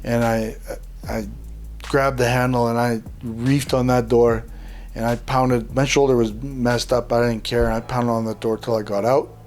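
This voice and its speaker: A man's voice: mid-range voice, normal speed, soft background music. Man telling his story. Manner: lively storyteller who acts out dialogue, with many "uh" and "like" fillers. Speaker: guest sharing his life story. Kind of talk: personal testimony told in an interview.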